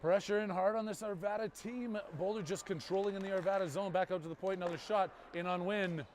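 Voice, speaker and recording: Male youth hockey commentator with a high voice, quick calls and playful asides. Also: fairly even intonation, a little mellow, a little hiss or hum. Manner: rapid play-by-play with jokey banter. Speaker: play-by-play commentator.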